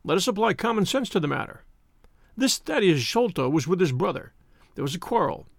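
A man doing a husky, wheezing, pompous police inspector. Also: high-pitched, very animated, a little fast, no room sound, exaggerated voice. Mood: self-satisfied. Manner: blustering, self-satisfied. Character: stout pompous middle-aged police inspector.

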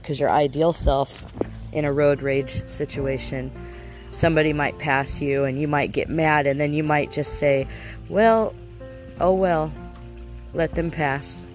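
A man giving a casual self-help lesson in an earnest way, asking his listeners rhetorical questions. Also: mid-range voice.

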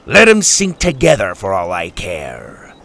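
A man's voice: low voice, huge pitch swings, unhurried, fairly bright tone, pitched below the performer's own voice, exaggerated voice. A man playing a sneering cruel pirate captain. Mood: mocking. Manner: gruff, mocking, drawling.

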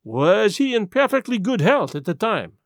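A fussy Belgian detective, as voiced by a man in an audiobook, with a high voice that rises and falls a lot. He speaks slowly and deliberately, and the recording is dry and close. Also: very animated, no echo. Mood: probing. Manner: measured, deliberate questioning. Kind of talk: audiobook character voice.

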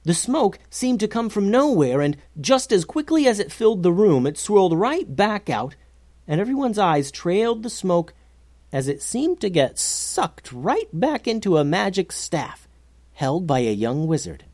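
A storyteller narrating an adventure story for children in an animated, expressive way. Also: medium pitch, unhurried, no echo.

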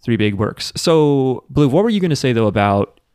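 A man's voice: mid-range voice, very animated, moderate pace, darkish tone, clear, resonant tone, no echo. Podcast host, male, rambling jokey storyteller, clean dry sound. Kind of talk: casual podcast chat.

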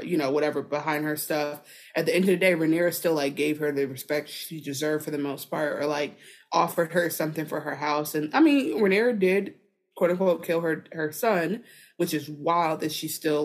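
A woman co-hosting a podcast, chatting casually in a rambling, profane way full of filler words. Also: sits low. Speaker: podcast co-host. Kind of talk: casual chat.

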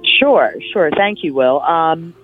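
A woman's voice: low-pitched, expressive, slow pace, soft background music. A woman guest on a podcast, talking casually and playfully with vivid comparisons. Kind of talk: casual interview talk. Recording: tinny phone-line sound.

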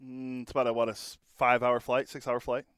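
A man co-hosting a sports talk show, tossing in quick, chatty asides. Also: mid-range voice, little pitch movement, a bit bright, clean tone, no room sound.

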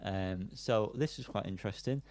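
A man's voice: lowish voice, normal speed, darkish tone, no room sound. A man co-hosting a music podcast, chatting casually with lots of ums and self-amused asides. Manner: rambling, frequent ums, laughs at himself. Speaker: podcast co-host.

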